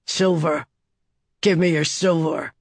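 Guy doing a maimed bandit in an audiobook, slurry and growly, highish and dragging, dry sound. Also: fairly even intonation, slow pace, dry recording, heavily acted. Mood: menacing. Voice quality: slurred, gravelly. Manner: snarling and threatening. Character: wounded, desperate male bandit with a ruined face. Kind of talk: audiobook character voice.

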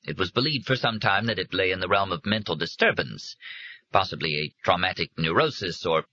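A man's voice: low voice, expressive, a little fast, bright, forceful tone, dry recording, muffled recording, heavily acted. A man reading aloud, playing a pompous, insecure male psychiatrist who talks in formal clinical phrases.

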